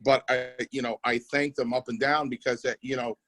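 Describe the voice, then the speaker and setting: A man's voice: mid-range voice, fairly even intonation, moderate pace, a bit bright, low-quality recording. A middle-aged man hosting a podcast, telling wrestling stories casually, repeating himself and swearing. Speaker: podcast host. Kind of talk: casual chat.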